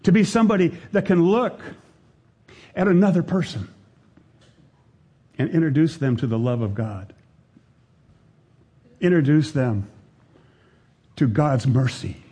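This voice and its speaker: A man preaching a sermon in an earnest, unhurried way, pausing often and dropping to a quiet voice for emphasis. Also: fairly high pitch, breathy edge.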